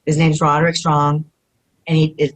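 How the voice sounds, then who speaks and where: A woman guest in an interview, telling stories in a casual, animated way, often acting out quotes and saying "you know what I mean". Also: low-pitched, normal speed, low-quality recording. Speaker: retired pro wrestler guest.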